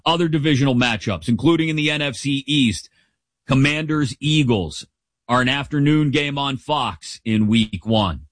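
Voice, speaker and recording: A middle-aged man hosting a sports talk show, giving casual, opinionated commentary in an animated, jokey way. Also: medium pitch, normal speed, no echo. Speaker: sports podcast host.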